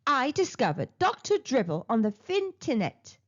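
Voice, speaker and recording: A woman's voice: sits high, wildly swooping pitch, normal speed, dull audio, full character voice. Woman doing a firm mother shark. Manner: firm, declaring.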